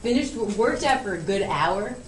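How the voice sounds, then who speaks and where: A woman's voice: mid-range voice, expressive, moderate pace. A young woman telling family stories in casual chat, rambling with lots of "like"s and laughing often. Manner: chatty storyteller, many "like"s and restarts, laughing often. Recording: echoey room, far from mic, noisy.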